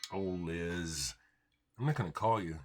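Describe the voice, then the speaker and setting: A man hosting a casual livestream, rambling about records and answering viewer comments out loud. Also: sits low, a little slow, slight background noise. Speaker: livestream host showing records.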